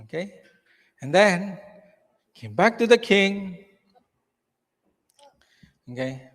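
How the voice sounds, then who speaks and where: A man's voice: high voice, big pitch swings, slow, fairly bright tone. A man narrating a live church skit and coaching volunteers on stage, with a frequent "okay". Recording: echoey hall reverb.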